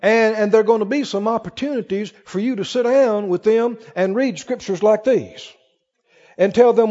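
A man with a high voice preaches a fervent sermon, reading scripture aloud and building it up with bursts of emphasis. He is recorded in a church hall with a long, lingering reverb. The sound is muffled and lo-fi. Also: moderate pace, mellow. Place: church with congregation.

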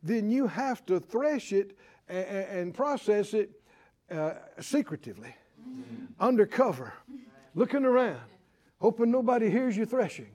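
A man preaching a sermon, animated and acting out Bible figures with chuckles. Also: high voice, a little slow.

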